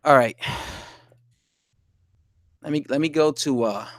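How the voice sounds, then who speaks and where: A man with a slightly high voice speaks at a slow pace in a casual boxing live stream. He talks to chat, reading viewer comments aloud and answering them, swearing, laughing and sounding indignant. The audio is studio quality with no room sound.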